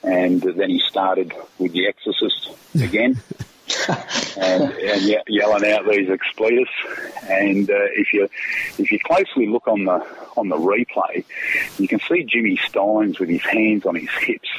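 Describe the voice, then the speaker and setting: A man's voice: fairly low pitch, steady tone, unhurried, fairly bright tone, slightly rough, rough recording. A middle-aged Australian man, a former footballer, casually telling a rambling story full of fillers and restarts. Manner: rambling, laughs often, many fillers and restarts.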